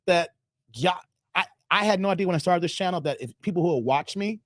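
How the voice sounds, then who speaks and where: A man hosting a casual live stream, laughing often and shouting out his viewers by name. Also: high-pitched, fast, no echo, studio quality.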